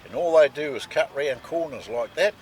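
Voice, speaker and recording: A man's voice: a little high, expressive, normal speed, darkish tone, a little hiss or hum. A man with a New Zealand accent chatting casually outdoors at a campsite for a vlog, dropping "mate" and "eh" as he shows off his gear. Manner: chatty, peppers talk with "mate" and "eh". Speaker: vlog co-host.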